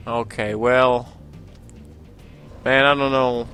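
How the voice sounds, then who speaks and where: Slow-talking young man narrating gameplay. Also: medium pitch, fairly even intonation, bright, forceful tone, soft background music. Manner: rambling, self-mocking, laughs often. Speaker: Let's Play host. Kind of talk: casual gameplay commentary.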